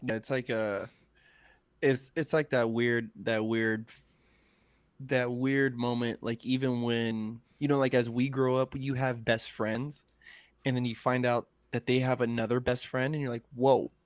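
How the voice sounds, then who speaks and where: A man's voice: medium pitch, level tone, unhurried, smooth, dry recording. A young man hosting a live podcast, telling rambling, profane stories in casual chat. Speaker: podcast host.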